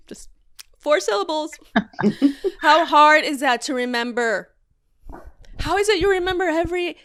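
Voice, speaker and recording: A woman performing a stand-up comedy set on a virtual video call show, animated and exasperated, laughing between her lines. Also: sits high. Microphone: video call mic.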